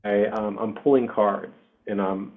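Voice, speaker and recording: Man, 40s, low voice, candid emotional storyteller with swearing and fillers, heard over thin phone-like call audio. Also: level tone, measured pace. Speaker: spiritual group host. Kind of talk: casual personal storytelling. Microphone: online video session.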